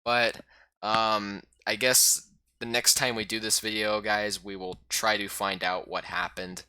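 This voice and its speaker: A man casually recapping a game he played as a YouTuber, rambling and excitable with lots of fillers. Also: fairly low pitch, measured pace, smooth, no room sound.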